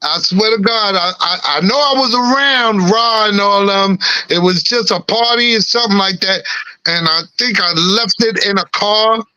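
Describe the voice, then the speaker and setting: A middle-aged man with a slight lisp, talking in a relaxed, laughing way on a podcast. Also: sits high, normal speed, smooth, dry recording, highs cut off. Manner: laid-back, laughing, peppered with "you know what I'm saying". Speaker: guest rapper. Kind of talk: casual podcast chat.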